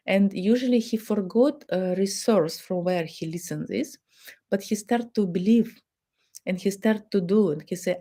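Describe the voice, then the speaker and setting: A woman with a Russian accent speaks as a therapist giving advice in plain, simple non-native English. Her voice is mellow and warm, and she talks straight to her listeners. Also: medium pitch, normal speed. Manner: non-native English with simple grammar, acts out quoted dialogue. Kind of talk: advice talk to the camera.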